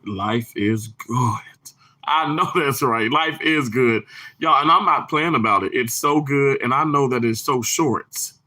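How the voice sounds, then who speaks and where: A man's voice: medium pitch, a little slow, bright, forceful tone. A man from Mississippi with a Southern accent, hosting a livestream and chatting casually with viewers, bubbly and laughing often. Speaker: livestream host. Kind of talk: casual chat reading viewer comments.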